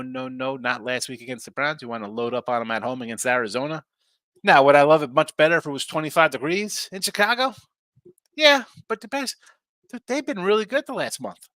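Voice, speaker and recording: Bright-voiced man hosting a betting stream. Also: on the high side, no room sound. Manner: fast, chatty, reads viewer comments aloud. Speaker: sports betting show host. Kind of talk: casual live-stream chat.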